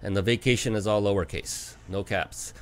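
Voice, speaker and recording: A man hosting a business talk show, chatting enthusiastically and spelling out details slowly. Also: on the low side. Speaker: show host. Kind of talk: casual interview talk.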